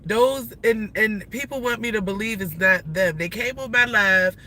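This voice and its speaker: In a vehicle or close to one amid traffic, a woman in her forties livestreams to her viewers, speaking bluntly and emphatically. Her mid-range voice is bright and forceful at a moderate pace, and her slangy, rambling talk is full of restarts. There is slight background noise.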